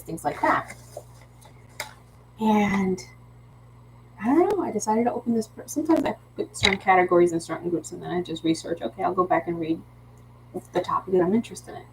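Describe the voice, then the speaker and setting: A woman's voice: medium pitch, a little hiss or hum, rough recording. A woman with a Philadelphia accent hosting a live craft stream, chatting in a rambling way with frequent restarts and easy laughter. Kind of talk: casual livestream chat.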